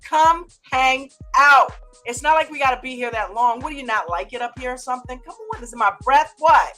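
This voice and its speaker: A woman's voice: fairly high pitch, animated, quick pace, a bit bright, soft background music. An American woman hosting a live trading chat stream, playful and teasing, laughing often and greeting viewers by name. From United States.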